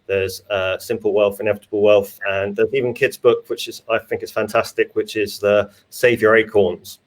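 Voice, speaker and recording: A man's voice: on the low side, flat delivery, normal speed. A man, a finance expert and father, chatting in an easygoing way about money. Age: adult with children. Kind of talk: casual video chat.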